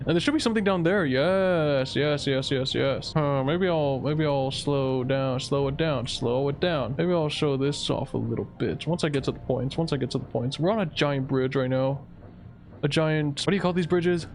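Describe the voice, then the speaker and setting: With a mid-range voice at a moderate pace, a young man offers laid-back, wandering commentary on his gameplay for his video, leaning heavily on the word "dude." Game music sounds faintly in the background.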